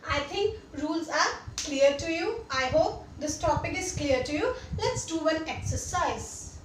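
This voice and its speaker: High-voiced Indian woman teaching grammar. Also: expressive, measured pace. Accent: Indian English. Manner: repeats examples and checks understanding. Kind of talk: classroom grammar lesson. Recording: echoey room, distant mic, faint noise.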